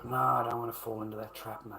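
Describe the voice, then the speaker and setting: A man's voice: mid-range voice, flat delivery, fast, vocal fry, bright, forceful tone, rough recording. A man ranting casually to his chat, profane and repetitive, calling listeners mate and brother. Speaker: livestream host.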